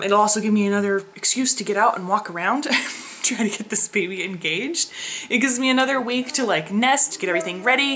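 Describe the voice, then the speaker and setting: A woman's voice: mid-range voice, fairly bright tone. A young woman casually vlogging, chatty and frustrated, laughing often. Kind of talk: casual pregnancy vlog.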